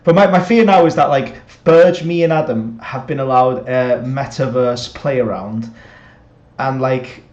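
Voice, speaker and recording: A man co-hosting a casual chat, excitable, laughing often and restarting his sentences. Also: medium pitch, a little slow. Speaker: podcast co-host. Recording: echoey dull lo-fi call audio.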